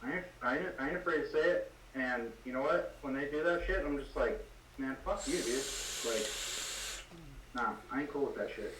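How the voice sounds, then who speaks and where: A man's voice: mid-range voice, a little fast, fairly bright tone, distant mic. Foul-mouthed ranting man in an echoey room. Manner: heated, swears constantly, laughs while ranting. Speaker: podcast co-host. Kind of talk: casual profane ranting chat. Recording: echoey room, off-mic, noisy background.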